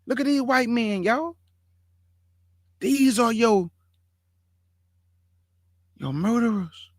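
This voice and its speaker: A man's voice: very high-pitched, animated, slow, dry recording, studio quality. A man hosting his own online show, commenting live to his viewers in an emphatic, repetitive way and stretching out words for effect.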